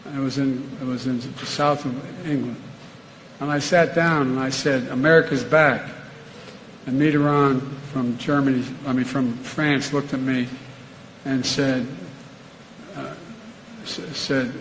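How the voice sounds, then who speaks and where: Older man telling a halting anecdote in a hall. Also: mid-range voice, steady tone, fairly bright tone. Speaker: politician giving a speech. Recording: archive clip in reverberant hall with faint noise.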